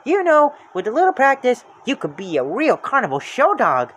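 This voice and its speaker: A storybook reader voicing a cheerful young woman at a carnival, bright and eager. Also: high-pitched, wildly swooping pitch, moderate pace, slight background noise, pitched above the performer's own voice, exaggerated voice.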